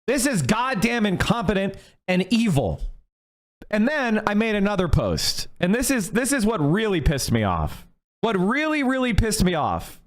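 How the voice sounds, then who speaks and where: A male streamer tears into his subject in a heated political rant, angry and swearing as he gets worked up. His voice sits high for a man. He talks straight at his viewers from a home setup. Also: big pitch swings, normal speed. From United States. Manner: angry, profane, fired up.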